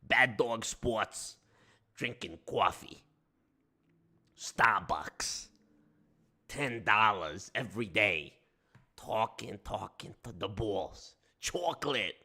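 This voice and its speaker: Brash new york mobster guy with a put-on accent, swings all over in pitch, swears a lot, a streamer puts him on. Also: expressive, slow, sharp tone, exaggerated voice. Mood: indignant. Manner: blustering, swearing, repeating himself. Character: brash profane middle-aged New York mobster man.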